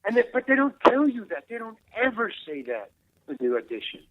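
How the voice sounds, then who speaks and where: A man's voice: high voice, big pitch swings, a little fast, background noise. Older man telling stories over a tinny line. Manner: rambling, restarts, acts out quoted dialogue. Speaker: interview guest, veteran actor. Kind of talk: casual anecdote telling. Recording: tinny phone-like line, dry.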